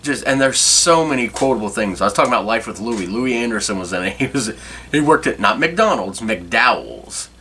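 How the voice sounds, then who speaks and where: A man's voice: medium pitch, lively intonation, a little fast, pushed and bright, a little hiss or hum. A man in his forties hosting a podcast, chatting casually and rambling with frequent chuckles. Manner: rambling, chuckling, self-correcting. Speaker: podcast host. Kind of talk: casual nostalgic chat.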